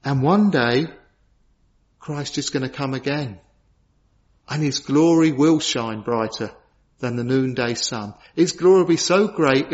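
A man preaching a sermon with fervent, emphatic delivery, slowing down to stress key declarations. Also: medium pitch. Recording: dull lo-fi church recording.

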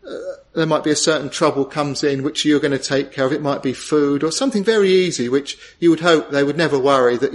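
Earnest preacher man, somewhat high voice. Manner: earnest, tender, rising to emphatic peaks. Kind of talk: sermon.

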